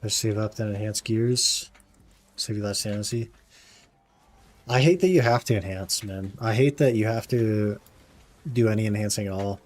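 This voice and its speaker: Brief: young male streamer, slightly low voice, relaxed chatty banter while grinding a game. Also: moderate pace, long pauses. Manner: laid-back, says "man" often, answers chat. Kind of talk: casual live-stream chat while gaming.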